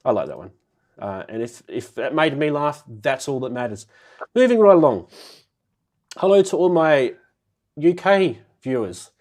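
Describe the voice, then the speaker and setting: A man's voice: mid-range voice, very animated, normal speed, pauses often, darkish tone. Nasal-sounding man with a cold. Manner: chatty, laughs often, greets viewers by name. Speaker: host of a live synth show. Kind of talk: casual live-stream chat.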